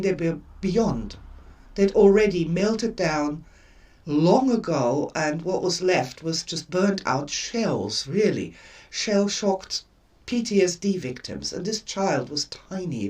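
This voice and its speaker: Older woman, lowish voice, set back from the mic. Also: distant mic. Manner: expressive storyteller with emphatic repetition. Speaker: live stream host. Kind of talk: casual spoken talk.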